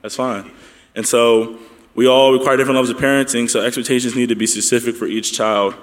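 A man speaking as a panelist at a church discussion in a measured, steady way. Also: medium pitch, in a large hall.

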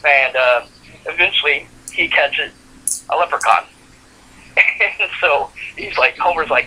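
A man's voice: on the high side, measured pace, pauses often, sharp tone, breathy edge, poor audio. A man co-hosting a podcast, casually recapping a cartoon episode with lots of fillers. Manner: rambling plot recap with frequent fillers and laughs. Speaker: podcast co-host. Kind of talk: casual chat.

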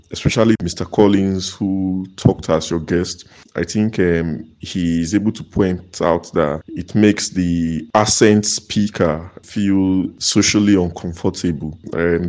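A man's voice: sits low, a little mellow. A man with a Nigerian accent leaving reflective feedback on a podcast, slipping into Nigerian Pidgin. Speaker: listener giving feedback. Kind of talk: casual voice note.

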